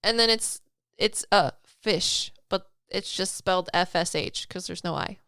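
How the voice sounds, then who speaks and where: A woman's voice: fairly low pitch, a little slow, vocal fry, background noise. A woman co-hosting a podcast, chatting casually, laughing often and trailing off as she reads listener stories and reviews. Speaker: podcast co-host.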